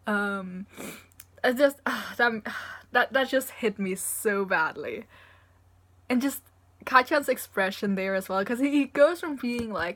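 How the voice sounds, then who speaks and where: A woman's voice: a little high, a little slow, fairly bright tone. Emotional young woman gushing about a manga. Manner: gushing, emotional, filler-heavy with sighs. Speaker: manga reviewer. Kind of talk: emotional casual review.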